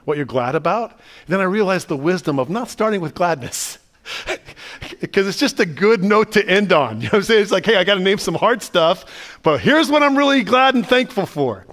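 In a church sanctuary, a male pastor preaches an animated, conversational sermon, asking his listeners lots of questions. His voice is high-pitched and he speaks at normal speed.

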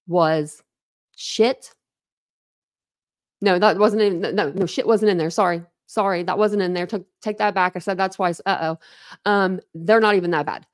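A woman's voice: fairly low pitch, moderate pace. A woman hosting a casual livestream, rambling candidly to her chat, laughing often and poking fun at herself. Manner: laughs often, self-deprecating. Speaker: livestream host.

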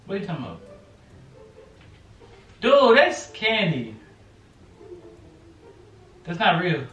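A man's voice: huge pitch swings, takes it slowly, fairly bright tone. A young man in a bedroom at home, pleading and dodging in a casual, evasive way, recorded on a camera mic across the room. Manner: pleading, evasive, pitch jumping up. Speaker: YouTuber pulling a prank. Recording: echoey room, mic off at a distance.

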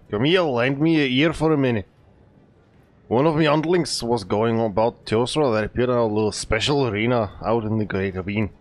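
A man voicing a boisterous male blacksmith from a video game in a put-on fake Scottish accent, loud and bantering. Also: mid-range voice, lightly acted.

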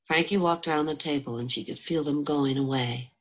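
Woman reading a novel out loud, calm measured pace, low raspy voice. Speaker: audiobook narrator. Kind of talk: scripted narration. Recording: dull lo-fi home recording.

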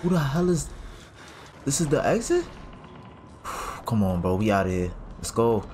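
A man's voice: mid-range voice, big pitch swings, a little slow, a little mellow, a little hiss or hum. A man commentating his horror game playthrough, reacting in panic with casual slang. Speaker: gaming streamer. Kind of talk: let's play commentary. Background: game music.

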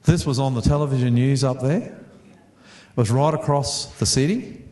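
A man's voice: medium pitch, moderate pace, warm tone, reverberant. A middle-aged Australian man preaching a sermon to a congregation, chatty, repeating words and putting questions to the audience. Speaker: pastor. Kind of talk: storytelling sermon.

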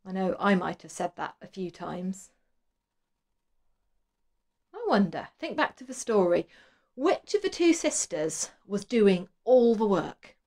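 A woman leading a school worship, asking children gentle questions. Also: mid-range voice, big pitch swings, takes it slowly, long pauses. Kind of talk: children's collective worship talk.

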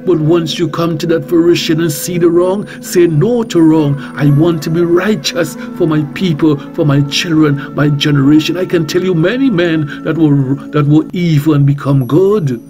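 A man with a Trinidadian accent preaching on talk radio in a somewhat high voice. He speaks boldly and emphatically, repeats phrases and asks one rhetorical question after another. Music plays clearly beneath him. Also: moderate pace, few pauses. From Trinidad and Tobago. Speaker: reverend and radio talk host.

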